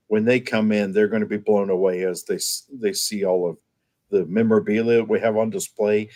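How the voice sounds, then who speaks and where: Upbeat man pitching his museum. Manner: upbeat, promotional, steady. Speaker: guest, museum owner. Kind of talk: interview answers.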